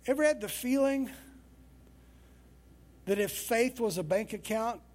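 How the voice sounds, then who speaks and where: A man's voice: very high voice, a little slow, a little mellow. A male pastor preaching a sermon in a conversational, storytelling way.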